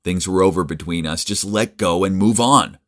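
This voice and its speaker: A man's voice: low-pitched, moderate pace, a bit bright. A man doing a fed-up young man. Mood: exasperated. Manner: firm, exasperated.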